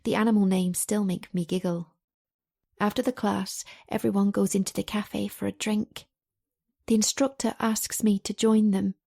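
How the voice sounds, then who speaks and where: A woman's voice: mid-range voice, level tone, normal speed, gravelly, mellow. A woman reading a romance audiobook in the first person, in a chatty, confiding manner. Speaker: audiobook narrator.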